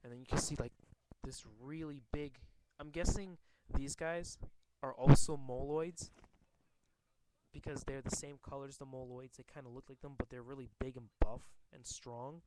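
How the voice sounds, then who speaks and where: A man's voice: mid-range voice, steady tone, very noisy. A man casually reading a comic aloud and commenting on it, often stumbling and rereading lines. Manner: halting, rereads and corrects himself. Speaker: comic reader.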